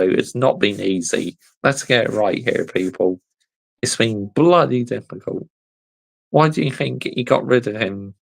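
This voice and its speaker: Gravelly, slow-talking man ranting. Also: medium pitch, low-quality recording. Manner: exasperated, blunt, repeats "honestly" and "mate". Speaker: livestream host reading live chat. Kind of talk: casual livestream rant.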